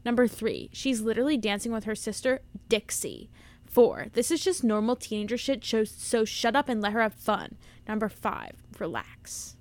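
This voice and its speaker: A woman's voice: on the high side, big pitch swings, normal speed. A young woman in her twenties, co-hosting a casual chat podcast with a teasing, chatty manner. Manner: teasing, chatty, jumps between topics. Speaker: podcast co-host.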